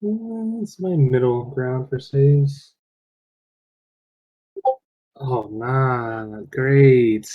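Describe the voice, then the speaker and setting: A man's voice: medium pitch, steady tone, extremely slow, pauses often, narrow, tinny audio. A man playing a tabletop game over online voice chat, casually describing his character's actions in third person. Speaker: player.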